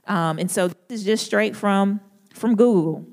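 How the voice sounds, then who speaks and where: A woman's voice: mid-range voice, a little slow, a little mellow. A young woman speaking at a church gathering, who opens with prayer and then gives a casual, relatable talk full of jokes and laughs. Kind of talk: conversational devotional talk opened with prayer. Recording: echoey hall with long reverb.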